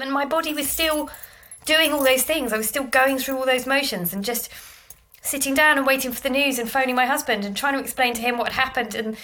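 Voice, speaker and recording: A woman in her thirties sharing her own story on a podcast, her voice bright and a little high. She speaks openly and emotionally, rushing ahead and restarting her sentences. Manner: open and emotional, recounting in a rush with many restarts. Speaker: podcast co-host. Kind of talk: candid personal storytelling.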